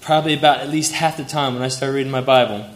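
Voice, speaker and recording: A man's voice: mid-range voice, steady tone, fast talker. A young man speaking at a memorial, sharing fond, heartfelt stories about a family friend and chuckling through them. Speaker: family friend giving a tribute. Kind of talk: memorial tribute speech. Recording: roomy hall with faint ambience.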